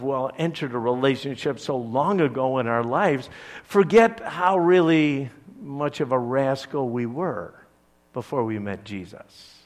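A man preaching a sermon as pastor, conversational, swinging between emphatic bursts and quiet asides. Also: mid-range voice. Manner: conversational, with fillers and restarts.

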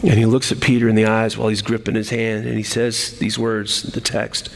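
Animated preacher in a reverberant hall. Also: male voice, fairly low pitch, fairly quick, gravelly, few pauses, a little hiss or hum. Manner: animated storytelling, repeats words, restarts. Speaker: pastor. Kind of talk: sermon.

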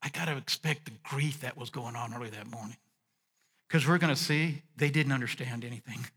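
A male pastor preaching a sermon, reading and unpacking scripture, dropping to a hush and then rising to emphatic points. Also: mid-range voice, a little fast, slightly rough, in a large hall. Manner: expressive, swinging from hushed to emphatic.

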